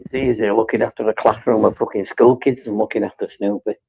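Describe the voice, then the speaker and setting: A man's voice: fairly low pitch, steady tone, quick pace, gravelly, a little mellow, muffled recording, a little hiss or hum. A man chatting casually on a live stream, rambling and swearing as he teases his pet.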